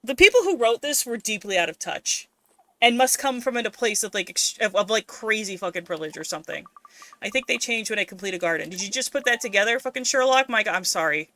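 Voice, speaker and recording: A woman's voice: mid-range voice, expressive, quick pace, sharp tone. A woman streaming a game, ranting casually and swearing a lot in exasperation. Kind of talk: casual let's-play commentary.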